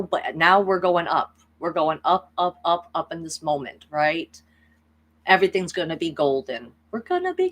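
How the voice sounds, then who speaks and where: Chatty woman retelling a movie. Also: on the low side. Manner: chatty, rambling, animated retelling. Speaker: spiritual video host. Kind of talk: casual vlog storytelling.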